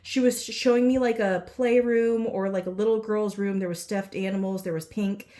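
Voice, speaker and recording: A woman's voice: mid-range voice, steady tone, normal speed, mellow. A woman giving a casual psychic reading, rambling and unsure, full of fillers and self-corrections. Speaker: psychic reader. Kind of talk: casual spoken channelling reading.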